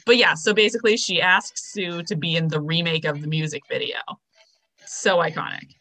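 Bright, lower-pitched young woman chatting. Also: fairly even intonation, moderate pace. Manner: chatty, filler-heavy, storytelling. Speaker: podcast co-host. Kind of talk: casual chat recapping a TV episode.

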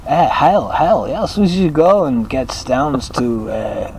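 A man's voice: medium pitch, sing-song, slow pace, gravelly, darkish tone, slight background noise, poor audio. A young man co-hosting a podcast, rambling and laughing through crude casual chat. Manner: rambling, giggly, jokey. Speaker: podcast co-host.

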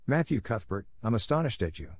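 A man's voice: mid-range voice, big pitch swings, a little fast, darkish tone, slightly rough, no room sound. A man voicing a strict, stern middle-aged woman guardian in a storybook reading, severe and dry.

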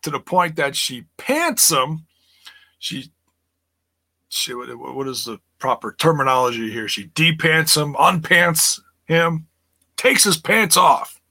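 A man talks through a wrestling recap in a casual, rambling way, breaking into laughter and reading viewer comments aloud. His voice is bright and forward. He speaks slowly, with plenty of restarts, and the sound is dry and close. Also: on the high side, dry recording. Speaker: wrestling review host.

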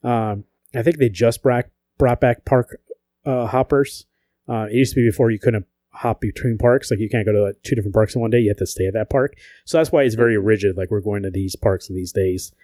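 A man's voice: fairly low pitch, brisk, dry recording. Swearing, joking man on a podcast. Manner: profane, joking, animated storytelling. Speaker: podcast co-host. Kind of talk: casual chat.

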